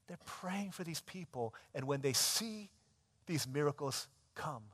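A male pastor preaching a sermon, telling stories animatedly and moving between loud and hushed. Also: mid-range voice, lively intonation, moderate pace. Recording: long hall reverb.

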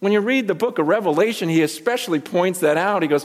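A male pastor preaching a sermon, swinging between loud emphasis and hushed asides and repeating words as he builds his points. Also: sits high, expressive, fast, hardly any pauses. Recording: long reverb from a large hall.

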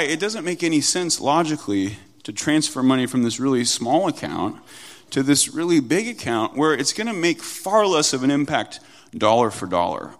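A man in his thirties preaching a sermon in a conversational, animated way, moving between loud stresses and quiet asides. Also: medium pitch. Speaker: pastor.

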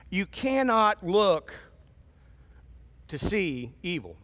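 A man's voice: fairly high pitch, normal speed, fairly bright tone. A man in his fifties preaching a sermon in a conversational, storytelling way with wry asides. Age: 50s.

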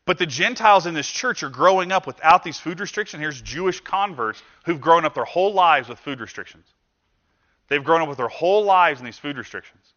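Bright-voiced man preaching conversationally. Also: a little high, brisk. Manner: conversational, animated, acts out quoted voices. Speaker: pastor. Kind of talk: sermon. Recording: dull lo-fi sound.

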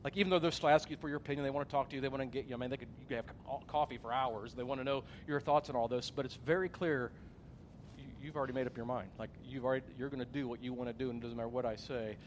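A man's voice: medium pitch, fairly even intonation, very fast, a little hiss or hum. A man preaching a sermon as a pastor, earnest and conversational, sharing personal stories.

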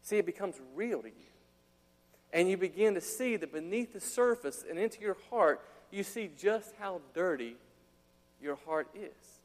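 A man preaching with a high, bright-pitched voice that rises to near shouts when he acts out the people in his story. He keeps dropping casual slang between the scripture lines. His voice rings with a long reverb, as in a big hall. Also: normal speed. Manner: animated preaching, acting out quotes, casual slang asides. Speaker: pastor. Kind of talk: sermon.

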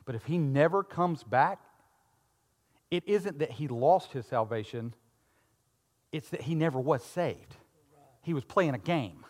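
An older man preaching a sermon, moving from quiet, intimate passages to shouted, fervent ones. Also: a little high, animated, measured pace, pauses often. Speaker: pastor. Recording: long reverb of a large hall.

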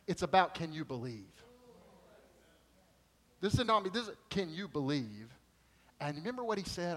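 A middle-aged man preaching a sermon, telling stories in an animated way and acting out quoted voices. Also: a little high, moderate pace, long pauses, poor audio. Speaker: pastor.

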